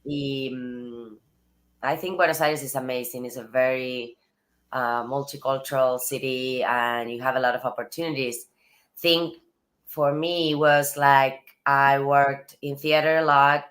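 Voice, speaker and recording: Very low-voiced Argentine woman. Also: steady tone, a little slow, a bit bright. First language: Spanish. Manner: thoughtful, laughs between phrases. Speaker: actress, guest. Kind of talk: casual interview talk.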